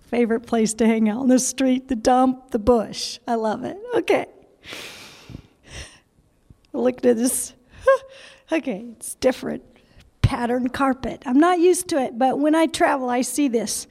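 A woman preacher telling a story in a sermon, lively and laughing often, acting out the voices of people she quotes. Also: high-pitched. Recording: long hall reverb.

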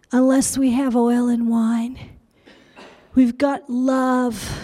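A woman's voice: high voice, a little mellow. A woman preacher telling a story in an emotional sermon, stammering repetitions and dipping into whispers.

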